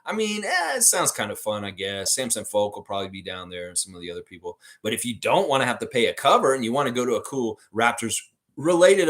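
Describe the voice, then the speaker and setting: A man's voice: mid-range voice, fast. A man from Canada, hosting a fan livestream, chatting casually and bluntly with heavy swearing while reading viewer comments. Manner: animated, blunt and profane. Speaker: host of a basketball fan livestream. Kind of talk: casual live-stream chat reading comments.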